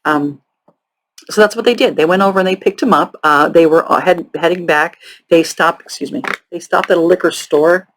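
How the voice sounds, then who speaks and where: A woman's voice: fairly low pitch, rough recording. Sarcastic, chatty woman telling true crime. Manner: chatty, profane and sarcastic asides; halting, many ums and restarts. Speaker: true crime podcast host. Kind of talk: casual true crime storytelling.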